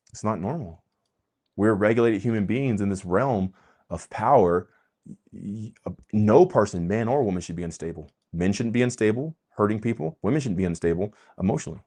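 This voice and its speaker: A man with a very low voice lectures his viewers in a fired-up, preachy monologue. He pushes hard on key words, jumps to loud bursts, then drops to near-quiet asides. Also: fairly quick. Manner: emphatic, preachy, swings between loud and quiet. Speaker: vlogger host. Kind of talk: impassioned monologue.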